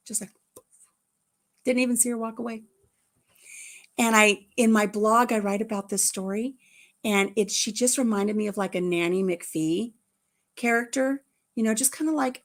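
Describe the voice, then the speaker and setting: A middle-aged woman hosting a casual chat, telling a family story in an animated way and acting out the voices. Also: fairly high pitch. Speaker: host.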